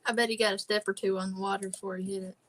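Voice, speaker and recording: A woman's voice: medium pitch, little pitch movement, rapid-fire, a bit bright. Dry, teasing woman. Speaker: livestream co-host. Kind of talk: casual livestream chat.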